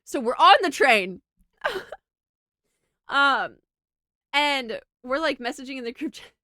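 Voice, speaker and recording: A young woman streamer telling a funny travel story to her chat, animated and giggly, with lots of laughing and filler words. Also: sits high, takes it slowly, no echo, clean studio sound. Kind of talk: casual storytelling to a livestream chat.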